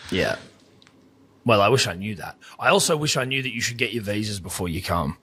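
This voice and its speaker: Sweary laid-back man, bright husky voice. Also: on the low side, lively intonation, fairly quick. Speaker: podcast co-host. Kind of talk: casual chat.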